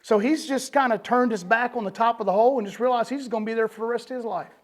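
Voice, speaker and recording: A man's voice: very high-pitched, quick pace. Man, recovery testimony, casual and conversational, meeting room audience. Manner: conversational, peppered with "you know" and "man". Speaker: recovery speaker.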